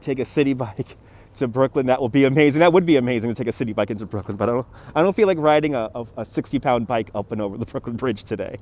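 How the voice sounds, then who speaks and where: A forty-something New Yorker streams a live walking tour by the harbor, talking very fast in a darkish, mid-range voice. He chats casually, greeting viewers by name and reading comments, while his gimbal-held phone captures the traffic around him.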